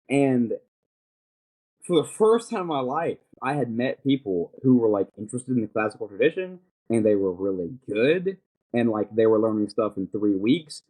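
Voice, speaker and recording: A young man with a medium-pitched, somewhat dark voice hosts a podcast. He chats casually and thinks out loud, full of fillers and restarts.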